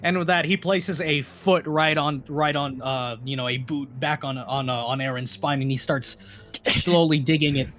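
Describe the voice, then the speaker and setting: Bright-voiced man running a tabletop game. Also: fairly high pitch, normal speed, slight background noise. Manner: loose, stumbling narration with restarts. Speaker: dungeon master.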